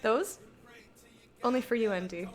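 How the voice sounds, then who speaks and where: At a measured pace, a woman streamer chats casually with her viewers. Her greetings are bubbly, but she turns candid and low-key when talking about herself.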